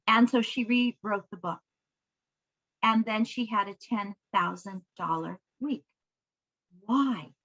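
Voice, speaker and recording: A woman book coach teaches conversationally over a video call, telling stories and acting out snippets of dialogue. Her voice is medium-pitched and a bit bright, she speaks slowly with long pauses, and the audio is dull.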